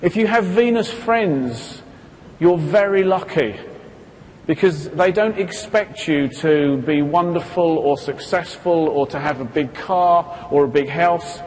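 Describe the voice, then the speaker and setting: A man's voice: on the high side, slow pace, darkish tone. A man presenting a live talk to an audience from a stage, asking them questions and acting out little quoted exchanges. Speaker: seminar presenter. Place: stage in a hall. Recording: reverberant hall, faint background hiss.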